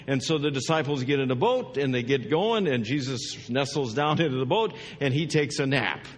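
A man pastor giving a sermon, his dynamic preaching swinging from hushed, drawn-out lines to emphatic, rising ones. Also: medium pitch, lively intonation, long reverb tail.

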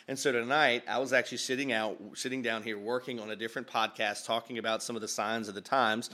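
A man's voice: mid-range voice, steady tone, fast talker, hardly any pauses, bright, forceful tone. A man hosting a casual podcast from his home office, upbeat and rambling, often breaking into laughter. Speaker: podcast host and pastor. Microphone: studio mic with headphones.

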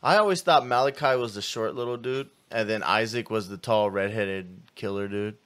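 A man's voice: fairly low pitch, normal speed, a bit bright, clear, resonant tone. A young man co-hosting a podcast in casual chat, easygoing and agreeable, swearing now and then. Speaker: podcast co-host.

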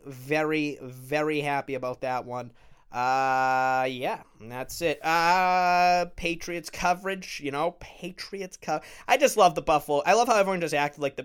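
A young man hosting a solo sports podcast from his bedroom, ranting with lots of swearing and sudden shouts. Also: a little high, clear, resonant tone. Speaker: podcast host.

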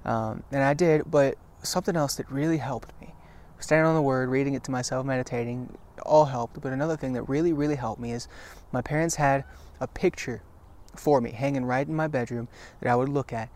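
A man speaks to camera in an earnest, encouraging devotional talk, his voice sitting at an ordinary middle pitch. He leans on repetition for emphasis and often breaks off to restart his sentences. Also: steady tone, a little mellow. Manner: halting with frequent restarts. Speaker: Christian video teacher.

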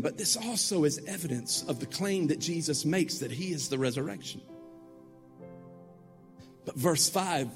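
A man preaching a sermon as a pastor, animated and acting out the story. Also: on the high side, big-room sound.

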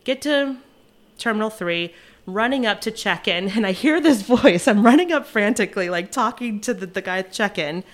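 A young woman tells a frantic travel story among friends, her mid-pitched voice bouncing as she acts out what everyone said. She laughs often and talks in quick, lively bursts. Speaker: flight attendant telling a travel story. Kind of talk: animated casual storytelling.

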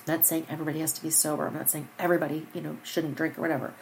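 A woman's voice: sits low, flat delivery, rapid-fire, creaky, slight background noise, low-quality recording. Tearful woman hosting a podcast. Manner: heartfelt, earnest, repeats herself. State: tearful, crying at times. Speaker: podcast host. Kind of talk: personal podcast monologue. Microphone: studio microphone.

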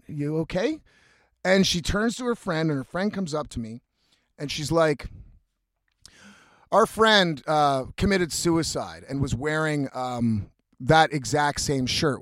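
A man with a slightly high voice tells a long, rambling story, full of swearing. His delivery is casual and animated. The sound is dry and close, with no room echo. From Canada.

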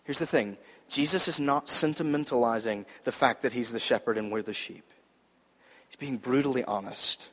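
A man preaches in a sermon to a young audience, earnest and conversational, leaning on repeated phrases. His voice sits at an ordinary middle pitch. A long reverb trails each line, as if he is speaking in a large hall. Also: moderate pace, a bit bright. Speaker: pastor.

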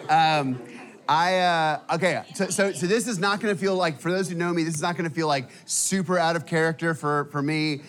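Energetic preacher man, casual and fired up. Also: on the high side, brisk, some chatter behind. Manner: energetic, casual, many fillers and restarts. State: emotional at times. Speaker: guest preacher. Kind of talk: sermon. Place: church auditorium.

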